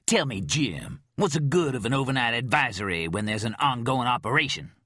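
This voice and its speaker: A man's voice: medium pitch, very animated, brisk, sharp tone, husky, dry recording, clean studio sound, pitched above the performer's own voice, full character voice. A man voicing a sarcastic, swaggering male FBI agent in an audiobook who talks in a mocking, streetwise way.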